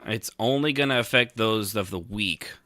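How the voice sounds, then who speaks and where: Joking low-voiced man on a podcast. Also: normal speed, pushed and bright. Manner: joking, sarcastic, laughs often. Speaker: podcast co-host. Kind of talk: casual chat.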